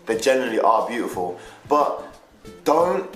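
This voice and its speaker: A man's voice: medium pitch, very animated, moderate pace, a bit bright. A young man rambling through casual dating advice, chatty and loose, swearing and restarting his sentences. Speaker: vlogger. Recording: echoey room with faint music.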